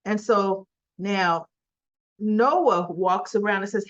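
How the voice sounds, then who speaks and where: A woman's voice: mid-range voice, slow pace. A woman casually retelling a soap episode in a chatty way with frequent asides, in a dull lo-fi recording. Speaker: soap opera recap vlogger.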